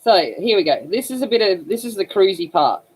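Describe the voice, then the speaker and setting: A woman's voice: mid-range voice, expressive, fairly quick, darkish tone, slightly rough, poor audio. A woman with an Australian accent, hosting a casual livestream and chatting to viewers about slang while she colors. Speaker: livestream host.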